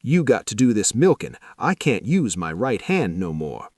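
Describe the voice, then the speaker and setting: Narrator playing gloomy old farmhand, dialect speech, husky, dry sound. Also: male voice, fairly low pitch, sing-song, normal speed, darkish tone, dry recording. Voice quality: weary, gloomy, rural Southern dialect speech. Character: weary, superstitious older farmhand.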